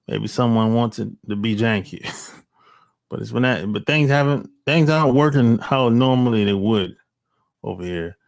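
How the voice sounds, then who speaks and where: A low, creaky male voice belongs to an American vlogger holding forth casually into his phone. He's blunt and slangy, with mocking asides throughout.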